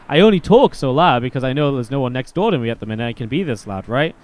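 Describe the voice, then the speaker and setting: A man with a medium-pitched, expressive voice talks fast and barely pauses while streaming and casting StarCraft from a desk mic. His chat is casual and rambling, packed with swearing and filler words.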